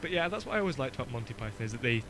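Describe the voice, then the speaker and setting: This medium-pitched, sing-song male voice belongs to a young Northern English podcast host who jokes, rambles and readily pokes fun in casual conversation. There's noise in the background.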